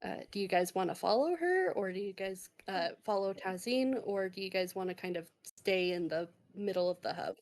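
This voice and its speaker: A woman's voice: medium pitch, expressive, normal speed, hardly any pauses, a little mellow. A woman narrating a tabletop game as game master, meandering and full of fillers.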